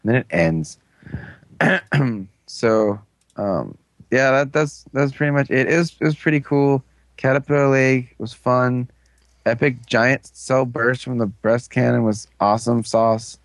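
Man, casual chat, rambling amused retelling, filler-heavy, mid-pitched voice, dry close sound. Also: unhurried, no room sound. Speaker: podcast co-host recapping an episode.

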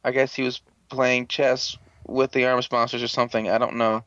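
A man hosting a casual, profane recap, sarcastic and rambling with many fillers and throat clearing. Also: medium pitch, flat delivery, moderate pace, fairly bright tone, no echo. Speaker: podcast host recapping a show. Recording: dull lo-fi dry sound.

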